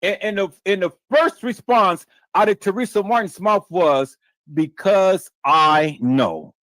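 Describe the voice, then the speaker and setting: A man's voice: sits high, moderate pace, a bit bright, no room sound. A man hosting a livestream, talking heatedly with lots of stammered restarts and cursing. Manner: repetitive, stammering restarts, emphatic and profane. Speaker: livestream host.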